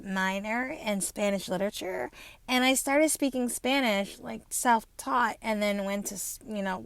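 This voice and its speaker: Fast-talking animated woman in her fifties. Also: fairly high pitch, dry recording. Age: 50s. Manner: rapid, animated, frequent profanity and "right?" tags. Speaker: podcast host. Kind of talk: casual solo podcast monologue.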